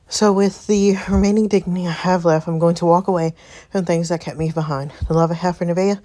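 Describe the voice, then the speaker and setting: A woman's voice: fairly low pitch, fairly even intonation, brisk, warm tone, natural voice. A woman reading the lines of a remorseful man giving up the woman he loves. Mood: solemn. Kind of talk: reading a story game aloud.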